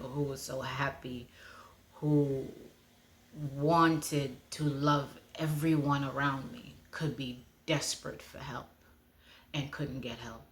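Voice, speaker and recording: A woman giving a personal testimony, speaking in a heartfelt way and often dropping to a hush. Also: rumbling low, gravelly, a little hiss or hum. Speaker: speaker sharing her testimony.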